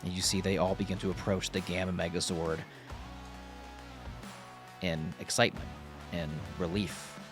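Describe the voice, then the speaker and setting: A man's voice: low-pitched, flat delivery, moderate pace, long pauses, over music. A man narrating as game master of a tabletop game, casual with filler and swearing.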